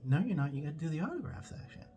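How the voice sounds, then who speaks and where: Comic doing a brash male attorney general, blustering and bossy, squeaky fake-polite turns. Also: big pitch swings, rapid-fire, mellow, soft background music. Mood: wheedling.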